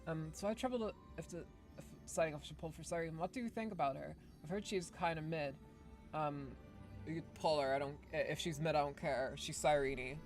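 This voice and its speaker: A woman's voice: sits low, a little fast, darkish tone, soft background music. A woman streaming live, chatting casually and playfully, with a hyped game-show-host delivery and frequent restarts. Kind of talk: casual livestream chat.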